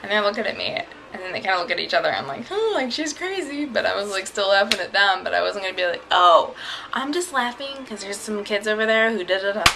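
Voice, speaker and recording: A woman's voice: mid-range voice, quick pace, creaky, few pauses, background noise. A woman vlogging casually, chatty and rambling as she tells a story, often laughing. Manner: chatty, rambling, laughs while telling stories.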